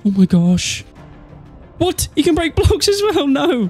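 A man giving excitable, nervous let's-play commentary, exclaiming and talking to himself as he plays. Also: extremely high pitch, a little slow, faint music behind. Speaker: gaming YouTuber.

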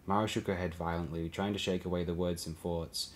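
A man narrating an audiobook in a steady, low-key reading. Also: fairly quick, few pauses, slight background noise. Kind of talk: scripted narration.

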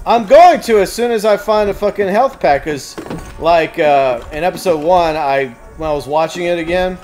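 A man's voice: high-pitched, moderate pace. A man giving profane, trash-talking commentary while playing a video game. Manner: loud, swearing, trash-talking enemies. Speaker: let's play gamer. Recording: game music behind.

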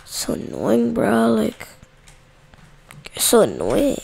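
A woman hosting a gaming channel, giving casual let's-play commentary, chatting to her viewers and yelling at game characters. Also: a little high, lively intonation, slow pace, gravelly, long pauses.

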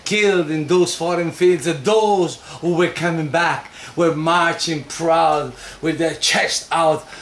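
An actor playing a medieval friar jester who mocks a warlike crowd with theatrical praise and sudden shouts. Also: male voice, a little high, steady tone, slow pace, hardly any pauses. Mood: rousing. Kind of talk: one-man stage performance.

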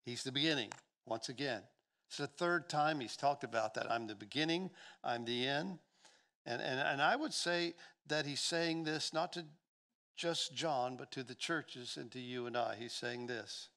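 A man's voice: medium pitch, normal speed, bright, forceful tone. Impassioned male pastor preaching. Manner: impassioned, repeats words as he builds. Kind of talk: sermon.

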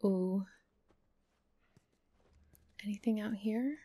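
Woman, gaming commentary, excitable, gasps and exclamations. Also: medium pitch, very slow, no echo. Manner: excitable, frequent exclamations and whispers. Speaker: gaming streamer. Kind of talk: let's play commentary.

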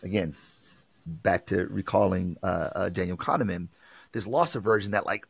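A man's voice: low-pitched, moderate pace, gravelly, slightly rough, no room sound. A man, a marketing professor, talking with passion on a podcast and acting out quoted exchanges. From United States. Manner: animated, preachy, acts out quoted exchanges.

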